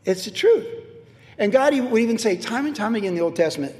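A man's voice: high-pitched, expressive, quick pace, darkish tone, in a large hall. A middle-aged man preaching a sermon as pastor, emphatic and repetitive as he drives home his points.

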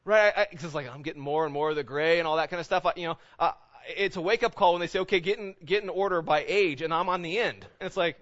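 A man in his late thirties preaching a sermon, talking like he's chatting with the congregation and throwing out question after question. His voice sits a little high for a man. The sound is dull and lo-fi. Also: quick pace, few pauses, fairly bright tone. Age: 30s. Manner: conversational preaching, rhetorical questions. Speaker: pastor.

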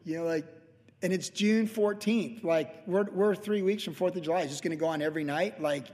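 A man's voice: high voice, fairly quick, darkish tone, in a large hall. A man in his late fifties, a pastor telling a rambling, conversational story in a casual sermon, full of restarts and asides. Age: late 50s.

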